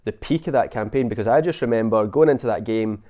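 A Scottish man hosting a casual football podcast, talking with many halting restarts. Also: lowish voice, dark tone, dull audio. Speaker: podcast host.

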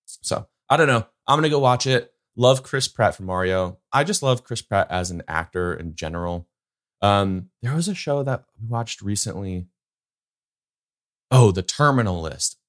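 A young man hosting a casual solo podcast, rambling and opinionated, with lots of fillers. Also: lowish voice. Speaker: podcast host.

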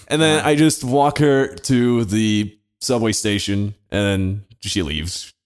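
A man's voice: mid-range voice, moderate pace, few pauses. A young man telling a long, profane story to friends, laughing often and acting out the voices of the people in it. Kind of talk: casual storytelling.

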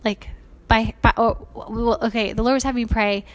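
A woman's voice: on the high side, fairly even intonation, moderate pace. A woman hosting a podcast, telling a personal faith testimony in an earnest, chatty way full of casual fillers. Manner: earnest, chatty, many fillers like "like" and "you guys". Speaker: podcast host.

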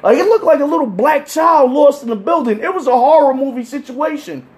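A man telling crude stories in casual chat, animated and acting out the people he quotes. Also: very high-pitched, brisk, few pauses. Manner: animated, acts out quoted voices. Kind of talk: casual profane storytelling.

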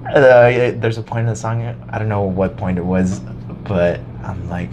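A young man telling a high school story in casual chat, animated, swearing often and acting out his past self. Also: normal speed, background noise.

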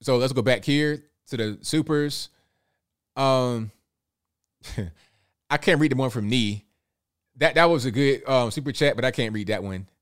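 A man's voice: mid-range voice, measured pace, long pauses, clean tone. A man hosting a live stream in a loose, chatty way, reading viewer messages, often repeating words and chuckling. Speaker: livestream host reading viewer super chats. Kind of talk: casual live-stream chat.

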